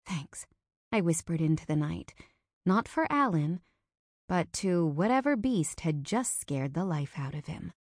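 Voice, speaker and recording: A woman reading a first-person audiobook narration with an expressive delivery. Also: fairly low pitch, a little slow, dry recording, clean studio sound.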